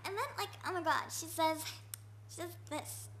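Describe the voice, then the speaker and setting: High, bright valley-girl woman ranting. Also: normal speed, slight background noise. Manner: valley-girl talk, constant "like" and "oh my god". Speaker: vlogger. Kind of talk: gossipy comic rant monologue.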